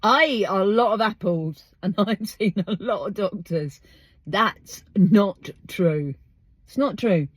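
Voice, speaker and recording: A woman's voice: mid-range voice, expressive, moderate pace, few pauses, breathy edge, no echo. An English woman hosting her podcast outdoors, chatting emphatically and firing off rhetorical questions. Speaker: podcast host. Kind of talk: casual monologue.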